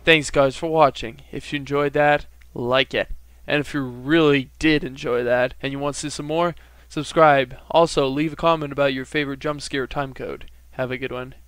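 A man's voice: mid-range voice, steady tone, normal speed, a bit bright, smooth, no echo. A man hosting a horror game let's play, talking jittery to the game and to his viewers.

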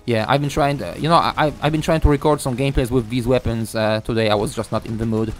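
A young man giving a ranting gameplay commentary, frustrated and swearing, halting with many fillers. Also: mid-range voice, steady tone, faint music behind. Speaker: gaming YouTuber.

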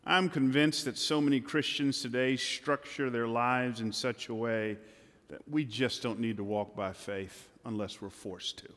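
A male pastor preaching a sermon from a church stage, emphatic and colloquial, swinging from loud to hushed. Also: mid-range voice, steady tone, unhurried. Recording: long hall reverb, faint music.

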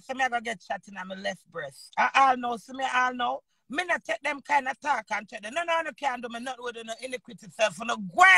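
A Jamaican woman in her fifties, an entertainer and host, ranting loudly in an unscripted live video and swearing freely. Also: sits high, creaky, dry recording. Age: 50s. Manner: loud, combative, swearing freely.

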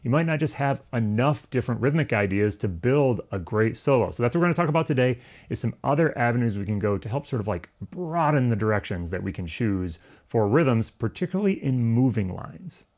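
A man at a middle pitch teaches a music lesson in a relaxed, conversational way. He explains each step plainly and sometimes sings out rhythms on syllables. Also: brisk, few pauses. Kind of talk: instructional lesson.

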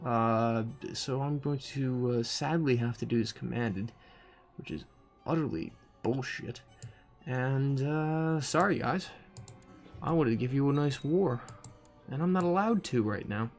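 A man's voice: mid-range voice, a little slow, soft background music. A man giving casual, profane commentary while playing a strategy game, thinking aloud with dry asides. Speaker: gaming commentator. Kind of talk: casual let's-play commentary.

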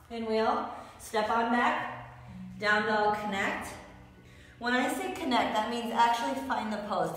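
A woman's voice: a little high, a bit bright. Woman calling yoga cues, very echoey room. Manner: calls out short rhythmic pose cues, encouraging. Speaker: yoga instructor. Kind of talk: guided yoga class cues. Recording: distant echoey hall with faint music.

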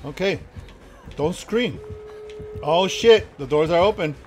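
A man streaming a horror game, reacting excitably with lots of laughter and panicked yelps. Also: high-pitched, slow, slight background noise. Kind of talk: reacting to gameplay.

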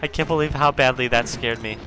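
A man's voice: medium pitch, steady tone, brisk, over music. A young man giving live commentary on a game he is playing, chatting to his viewers in a rambling way. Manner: rambling, talks to his viewers, shrieks after a jump scare. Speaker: game streamer.

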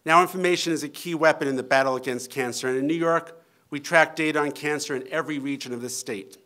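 A man giving prepared, formal remarks in a measured way before introducing the governor. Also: a little high, sharp tone.

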